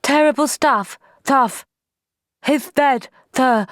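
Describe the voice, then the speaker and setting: A woman voices a lisping, matter-of-fact female field medic with a clinical mood, pitched above her own natural voice. She speaks high and slowly, in a dry recording with clean studio sound.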